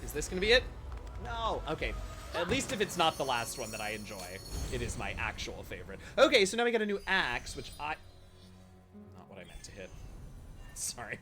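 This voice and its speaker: Male streamer doing playful game commentary; lively pitch, swears and yelps. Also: a little fast. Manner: excitable, joking, swears and yelps. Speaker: gaming streamer. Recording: voice over loud game music.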